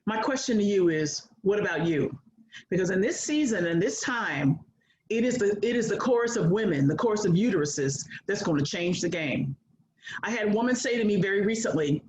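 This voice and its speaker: A woman's voice: medium pitch, expressive, fairly quick, echoey room, rough recording. A woman in her sixties giving a bold, preacher-like motivational speech to an audience of women. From United States. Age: 60s. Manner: bold, preacher-like, mimics others. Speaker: guest speaker.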